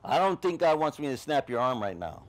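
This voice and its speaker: A male pastor telling a personal story in a sermon, acting out the voices in it. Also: fairly quick. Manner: animated storyteller, acting out voices with big pitch swings. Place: beach service outdoors.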